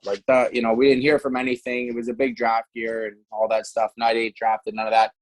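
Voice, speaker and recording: This is a middle-aged Canadian man, once a hockey player, spinning casual stories on a podcast in a rambling style full of restarts. His mid-range voice holds a level tone, and he talks briskly with few pauses on a low-quality recording.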